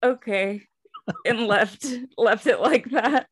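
A woman's voice: mid-range voice, steady tone, a little slow. A woman on a podcast chatting casually and telling a creepy family story with fillers. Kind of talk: casual chat.

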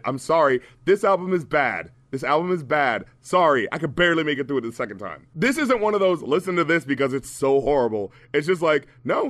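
A man's voice: a little high, dry recording. A man talking as a podcast guest, rambling and swearing as he tears apart an album in casual chat. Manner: profane, rambling, animated.

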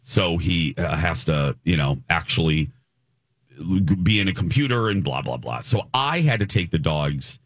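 A man's voice: deep voice, unhurried, no echo. Guy on a podcast telling a funny story, voice jumps all over, dry close sound. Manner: animated, acts out quoted voices. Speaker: podcast co-host. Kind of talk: casual storytelling chat.

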